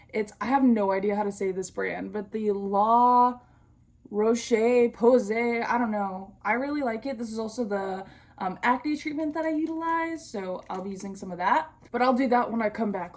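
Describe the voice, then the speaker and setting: A woman's voice: mid-range voice, moderate pace, darkish tone. A young adult woman vlogging, chatting casually through a storytime while she does her skincare, slangy and profane with comic asides.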